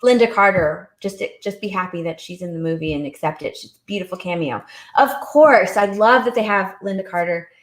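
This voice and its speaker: A woman co-hosting a casual pop culture stream, rambling and restarting her sentences as she gets animated about a gripe. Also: medium pitch, brisk, few pauses. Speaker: co-host.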